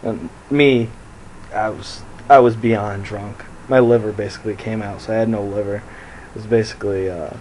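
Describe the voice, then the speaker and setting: A man's voice: on the low side, steady tone, normal speed, a little mellow, a little hiss or hum, poor audio. Rambling, profane young man telling stories. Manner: rambling, profane, laughs at his own jokes. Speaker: vlogger. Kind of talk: casual storytelling to camera. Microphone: phone.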